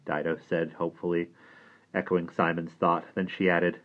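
A man reading a novel aloud in steady audiobook narration. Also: sits low, brisk. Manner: steady storytelling. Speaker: audiobook reader. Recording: tinny phone-like sound.

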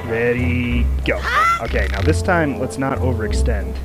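A man's voice: mid-range voice, moderate pace, poor audio. A young man giving joking, giddy commentary while playing a video game. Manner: giddy, joking, laughs often. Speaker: gamer. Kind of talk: let's play commentary. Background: game music.

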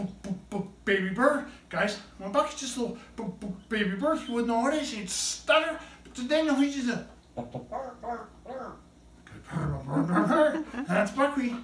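Animated woman showing off a pet bird. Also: fairly high pitch. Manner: animated, praises and coaxes the bird. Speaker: pet bird owner presenting tricks. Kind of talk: showman patter to a live audience. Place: indoor room with a pet bird. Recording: echoey room, mic at a distance, faint noise.

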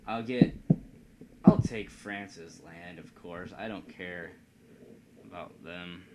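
A man's voice: low voice, slow pace, background noise. A man from Indiana giving casual, rambling gameplay commentary at his computer, joking and poking fun at himself. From Indiana, United States. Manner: rambling, joking, self-deprecating. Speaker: let's play host. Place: at home computer.

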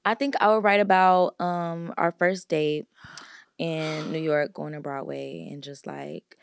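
A woman's voice: low voice, fairly even intonation, a little slow, gravelly, no room sound, clean studio sound. A woman from Atlanta, a guest rapper, chatting in a playful, profane and giggly way. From Atlanta, USA. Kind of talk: casual chat.

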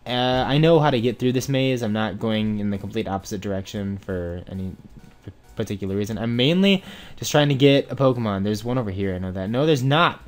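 A young man giving let's play commentary on a game, excitable and swinging from mumbles to shouts. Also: fairly low pitch, fairly quick. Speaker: gamer playing a Pokemon randomizer.

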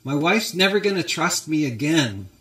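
A man's voice: on the high side, big pitch swings, normal speed, bright, forceful tone, reverberant. A man voicing an ashamed, regretful man muttering self-reproach.

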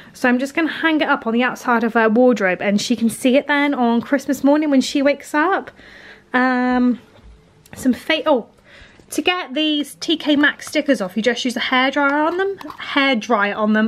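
A woman's voice: high-pitched, measured pace. A woman, chatting casually through her day for a home vlog. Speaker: vlogger. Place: home kitchen, indoors. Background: household appliances humming.

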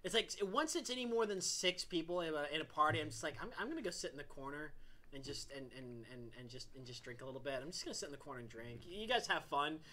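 Bright-voiced man musing casually. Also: on the high side, animated, fast. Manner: loose, reflective rambling with restarts and "um"s. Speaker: podcast co-host. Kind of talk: casual chat.

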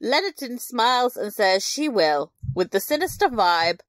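A woman talks through a TV episode for her podcast, her pitch jumping around as she laughs and throws in asides. The sound is dry and close. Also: a little slow, dry recording. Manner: animated, laughing recap with asides. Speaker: podcast co-host. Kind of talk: casual recap chat.

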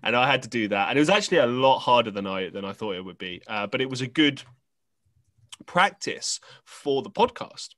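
A man's voice: mid-range voice, expressive, fairly quick, a bit bright, no room sound. An English man hosting a podcast, telling a story in a rambling, chatty way with lots of fillers and restarts. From England. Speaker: podcast host. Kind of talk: casual conversational storytelling. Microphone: podcast microphone.

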